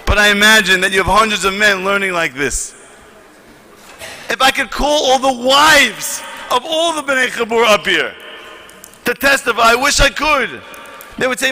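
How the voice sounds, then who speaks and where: A man giving an impassioned speech to a conference audience, often rising to shouts as he reads letters aloud. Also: very high voice, normal speed, big-room sound. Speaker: conference speaker.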